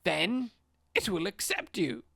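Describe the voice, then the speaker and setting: A podcast co-host playing a haunted male site director, obsessed and shaken, in a put-on accent. The voice is gravelly yet bright and tense, and it lurches wildly up and down in pitch. The pace is slow and dragging, and the mic sounds close and dry. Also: wildly swooping pitch, no room sound, exaggerated voice. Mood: urgent. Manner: slow, halting, swinging between murmurs and outbursts. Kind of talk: dramatic reading of a log.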